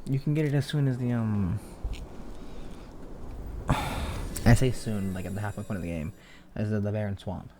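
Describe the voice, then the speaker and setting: A man's voice: on the low side, fairly even intonation, moderate pace, pauses often, dark tone, a little hiss or hum. A man hosting a let's play, chatting casually as he plays, rambling, swearing now and then, and rolling his R's. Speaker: gaming channel host.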